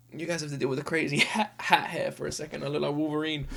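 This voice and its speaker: Speaking quickly with few pauses, this thirtysomething reaction-video host has a slightly high voice edged with vocal fry. He's tearful from crying and rambles earnestly through a heartfelt, casual monologue, often starting over.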